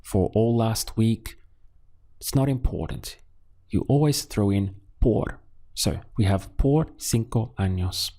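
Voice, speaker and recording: Slow, gravelly male Spanish teacher. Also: on the low side, mellow. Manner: slow, patient, pauses for learner answers. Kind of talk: scripted language lesson.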